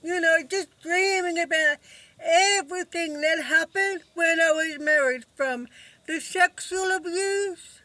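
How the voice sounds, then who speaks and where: Woman, vlog monologue, emotional, halting, slow, dry close sound. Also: very high-pitched, pushed and bright, no room sound. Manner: halting and emotional, many fillers. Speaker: vlogger. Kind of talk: personal recovery vlog monologue.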